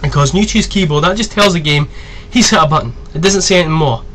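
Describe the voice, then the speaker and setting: Brief: young man in his twenties, higher pitch, casual swearing tutorial host, faint background hiss. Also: fast talker, a bit bright. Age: 20s. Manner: chatty, rambling, swears freely. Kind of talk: casual screen-recorded tutorial.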